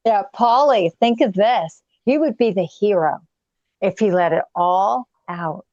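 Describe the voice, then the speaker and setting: A woman's voice: medium pitch, a little slow, a little mellow, no room sound, muffled recording. A woman co-hosting a political livestream, making points in an insistent, pointed way. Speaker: co-host. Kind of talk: heated political livestream chat.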